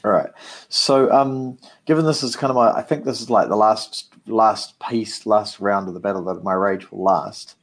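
Low-voiced man playing a tabletop game. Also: moderate pace, hardly any pauses. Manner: thinking aloud, tentative. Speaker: player. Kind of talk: casual tabletop play.

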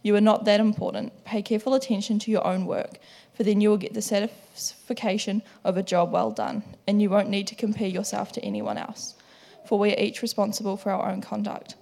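A woman reading a Bible passage aloud in church, steady and careful. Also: mid-range voice, fairly quick, vocal fry. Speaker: scripture reader.

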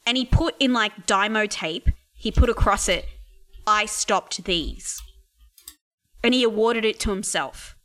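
A woman's voice: on the high side, moderate pace, few pauses, a bit bright. A woman in a casual political chat, telling a story with amused laughter.

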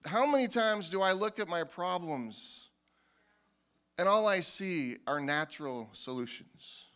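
A male pastor preaching a sermon in a casual, animated way, often restarting his sentences. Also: high-pitched, a little slow, smooth. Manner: animated and informal, with frequent restarts. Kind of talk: conversational sermon.

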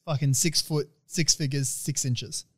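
A man co-hosting a podcast in casual banter, crude, argumentative and quick to laugh. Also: a little high, fairly even intonation, a bit bright, husky, no room sound, clean studio sound. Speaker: podcast co-host.

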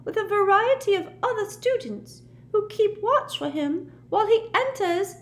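A woman voicing a small, devoted male house-elf with a squeaky, high, strained voice and formal address in an audiobook reading. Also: expressive, moderate pace, fairly bright tone. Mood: earnest. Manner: formal, calls people sir. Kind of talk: audiobook character voice.

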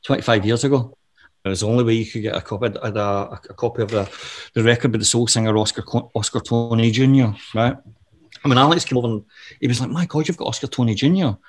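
A middle-aged man talks as an interview guest, swearing freely as he tells one anecdote after another. His voice sits at an ordinary middle pitch for a man. He keeps things casual and lively. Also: fast. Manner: profane, animated anecdotal storyteller.

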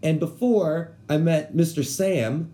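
A young man from San Antonio, Texas telling a casual, animated story, slangy and profane. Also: a little high, slow.

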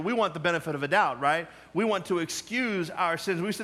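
Bright, high-voiced man preaching a sermon. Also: fast, few pauses. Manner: emphatic preaching, swinging between loud challenges and quiet asides. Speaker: pastor.

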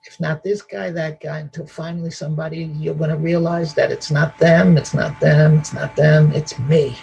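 High, gravelly man sharing bluntly. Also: steady tone, normal speed, darkish tone, a little hiss or hum, rough recording. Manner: emphatic, repetitive, laughs at himself. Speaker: meeting member sharing. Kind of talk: recovery meeting share.

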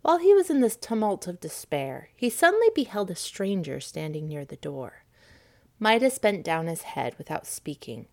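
A woman reading a storybook aloud as narrator, expressive and gently paced. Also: fairly low pitch.

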